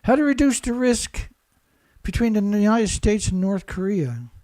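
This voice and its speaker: A man's voice: sits high, expressive, a little slow, a little mellow. A man hosting a show and delivering an angry, insult-heavy monologue, repeating himself as he rants. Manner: ranting, insulting, repetitive. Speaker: show host.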